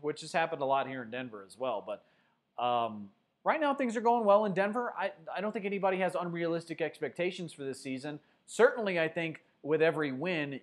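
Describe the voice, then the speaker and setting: A man hosting a casual sports livestream, reading viewer comments aloud and chatting loosely, with plenty of fillers. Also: mid-range voice. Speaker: sports show host. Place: Denver.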